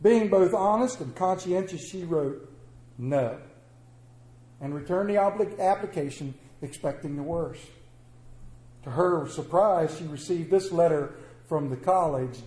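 A man with a high voice delivers a sermon in a folksy, conversational manner, acting out little quoted asides. His tone is dark and mellow. The room around him is echoey. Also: a little slow. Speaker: preacher.

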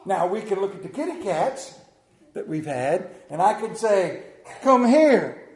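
A man preaches with rising feeling, his voice pitched high and swinging widely up and down. He stumbles and repeats words as he gets carried away. The sound rings around a reverberant room. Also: expressive, warm tone. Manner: emotional, halting, repeats words. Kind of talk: sermon.

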